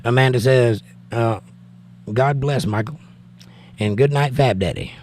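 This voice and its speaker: A man's voice: medium pitch, unhurried, darkish tone. Georgia-accented man reading livestream chat. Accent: Southern US, Georgia. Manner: reads chat aloud, argues scripture plainly and bluntly.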